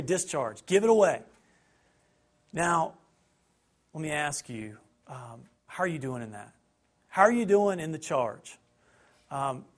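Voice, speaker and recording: Middle-aged male pastor, high tenor, dynamic sermon delivery swinging between quiet and loud. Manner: dynamic preaching, swinging between hushed and loud emphatic lines.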